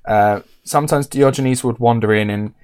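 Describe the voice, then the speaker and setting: A man's voice: mid-range voice, moderate pace, a little mellow, smooth. A man, animatedly telling a story in casual podcast chat.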